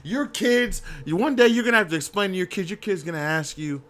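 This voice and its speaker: Podcast co-host, male, high and lively voice with a bright edge, laughs and swears a lot. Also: a little fast. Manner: animated, laughing, swearing, mimicking wrestlers. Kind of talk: casual wrestling recap chat.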